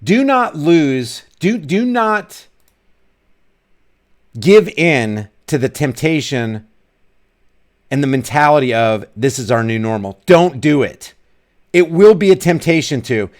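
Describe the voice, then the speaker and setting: Middle-aged guy ranting on his vlog, kinda high voice, preachy, repeats stuff over and over. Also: lively intonation, slow, long pauses. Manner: fiery, preachy, emphatic, repeats himself. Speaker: vlogger.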